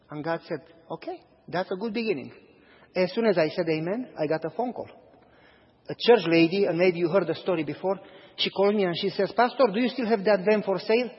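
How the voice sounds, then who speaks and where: Guy pastor preaching, acts out the talking bits, big reverb hall, kinda husky. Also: high-pitched. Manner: animated storyteller, acts out dialogue. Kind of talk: sermon with storytelling. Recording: dull audio, long hall reverb.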